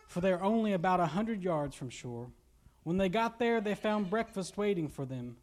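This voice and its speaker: Young kentucky man, high voice, relaxed joking preacher. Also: slight background noise. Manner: casual, joking preaching with laughs and asides. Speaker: pastor. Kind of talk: sermon.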